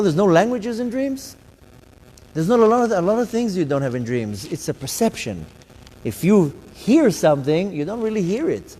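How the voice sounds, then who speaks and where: A man with a warm, fairly high voice tells his story as a rabbi in a live talk to his congregation, acting out his thoughts and others' voices. The synagogue hall adds long reverb, and there's slight background noise.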